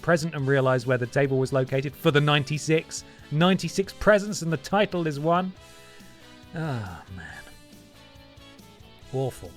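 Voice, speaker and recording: A man hosting a stream, doing playful, theatrical mock wrestling commentary. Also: on the high side. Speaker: streamer host.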